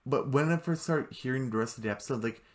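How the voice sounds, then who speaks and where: Excitable guy doing a casual cartoon episode recap, mid-pitched, rambling and full of fillers. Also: quick pace. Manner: rambling, excitable, filler-heavy, many restarts; jumps into high voices when quoting characters. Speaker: show recap commentator.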